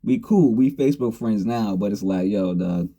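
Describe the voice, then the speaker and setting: A man's voice: fairly low pitch, normal speed, warm tone. Laid-back slangy man telling a story. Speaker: storyteller host. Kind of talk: casual storytelling.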